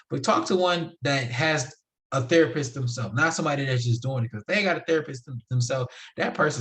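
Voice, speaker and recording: A man's voice: mid-range voice, fast talker, a bit bright. A young man hosting a solo podcast, talking casually in a slangy, emphatic, preachy way. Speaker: podcast host.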